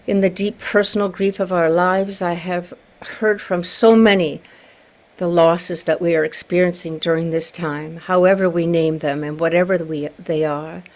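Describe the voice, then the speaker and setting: A woman minister leading a service on a video call, speaking gently and prayerfully. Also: lowish voice. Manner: gentle, prayerful, warm-hearted.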